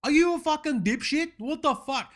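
Man playing a brash, foul-mouthed Australian sports bloke, high-pitched and sarcastic, comedy parody rant. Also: moderate pace, fairly bright tone. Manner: swears constantly, sarcastic, says mate a lot.

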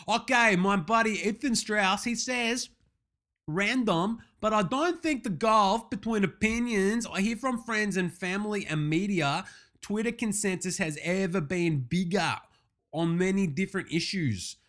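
A man with a fairly high voice runs a satirical comedy monologue as a show host. He sounds brash, crude and pleased with himself, and drops sarcastic asides under his breath. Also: measured pace, fairly bright tone. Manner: brash, crude, smug and self-congratulating. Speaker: comedian doing an impression as a web show host.

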